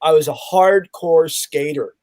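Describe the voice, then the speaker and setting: A man's voice: fairly high pitch, a little slow, a little mellow, dry recording. A middle-aged man from California, chatting casually as a podcast guest and telling jokey, rambling stories. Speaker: guest magician and stuntman. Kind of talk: casual interview chat. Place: home in California.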